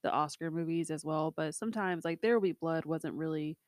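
A woman co-hosts a podcast in casual chat, laughing often and using lots of fillers. Her voice sits low, a little mellow and brisk, recorded clean in a studio with no echo.

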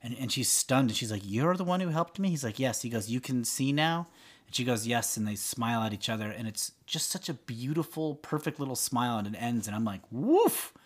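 A man's voice: mid-range voice, fairly quick. A man co-hosting a podcast, casually retelling film scenes and voicing the characters' lines as he goes. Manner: animated storytelling, acts out characters' lines. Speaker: podcast co-host. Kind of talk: casual chat.

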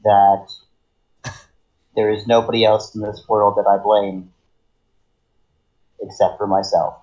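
A man co-hosts a casual podcast, talking slowly in a deadpan way with dry humor. His voice comes through a muffled, lo-fi mic. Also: fairly low pitch. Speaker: podcast co-host.

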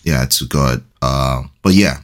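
A man's voice: rumbling low, slow pace, a bit bright. A young Nigerian man co-hosting a faith podcast, playful and joking, more hesitant when he reflects. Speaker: podcast co-host. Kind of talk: casual faith podcast chat.

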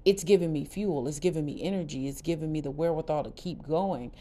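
Low-voiced woman telling her story. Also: fast talker. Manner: candid, expressive storytelling with lively quoted asides. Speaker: podcast host. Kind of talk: casual personal monologue.

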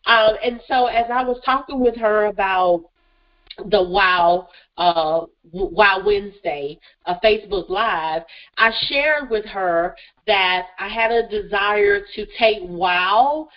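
An upbeat woman hosts a solo radio show, gushing and calling out to her listeners. Her voice sounds stuffy and congested, at a middling pitch. The recording is slightly dull and lo-fi. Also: slow. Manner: enthusiastic, effusive, repeats "listen" and "guys". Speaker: radio show host, therapist and motivational speaker.

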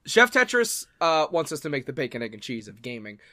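A man's voice: on the high side, fairly quick, dry recording. Young man in dry, close chatter. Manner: relaxed, swears, plays along with bits. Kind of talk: casual comedic banter.

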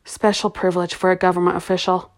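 A woman's voice: level tone, quick pace, lightly acted. Woman voicing a bitter grieving father. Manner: low, guarded, then bitter and broken. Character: grieving bitter middle-aged father, a government official.

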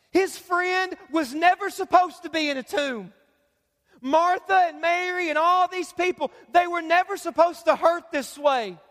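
A man preaching a sermon with a strikingly high voice, hammering his points through repetition and rising to shouts. The sound rings with the long reverb of a large church hall. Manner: emphatic preaching, repeats phrases, rises to shouts. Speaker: pastor.

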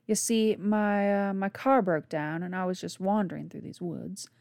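A woman's voice: medium pitch, normal speed, a little mellow, no echo, lightly acted. A woman voicing a sinister thin male drifter who puts on a folksy drawl. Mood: ingratiating.

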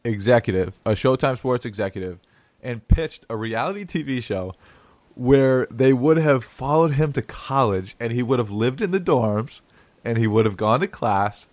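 A man's voice: medium pitch, darkish tone, no room sound. A man hosting a casual sports podcast, laughing often and restarting his sentences. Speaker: podcast host.

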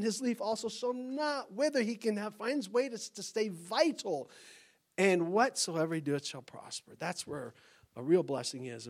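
A man preaching a sermon with lively, exclamatory delivery, acting out little dialogues as he explains scripture. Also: high voice. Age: adult parent. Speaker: pastor.

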